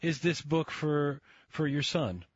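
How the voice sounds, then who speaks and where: A man interviewing a guest, asking questions in a friendly way and laughing along, with halting restarts. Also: a little high, expressive, highs cut off, a little hiss or hum.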